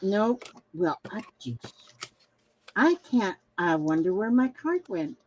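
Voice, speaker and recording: A woman's voice: mid-range voice, sing-song, takes it slowly, lo-fi sound. An older woman from Minnesota chatting casually as a craft livestream host, reading viewer comments aloud and trailing off mid-sentence.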